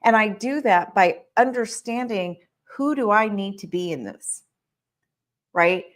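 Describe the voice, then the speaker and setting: A woman's voice: mid-range voice, animated, unhurried. A woman coaching business owners on her podcast. She talks about her own life in a candid, personal way. Her sentences keep ending in a questioning "right?". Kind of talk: motivational podcast talk.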